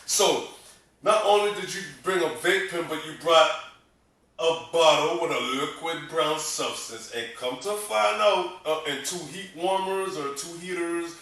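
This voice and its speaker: A man's voice: fairly high pitch, measured pace, fairly bright tone. A man from Massachusetts co-hosting a casual podcast as a comedian, blunt and opinionated, swearing a lot. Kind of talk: casual chat. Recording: echoey room, distant mic.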